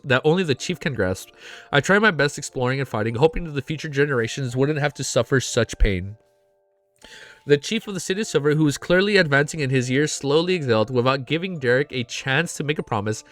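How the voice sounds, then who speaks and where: A man streaming himself as he reads a web novel aloud, breaking off into excited, profanity-laden reactions. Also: mid-range voice. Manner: excitable, swears often, breaks off into loud reactions.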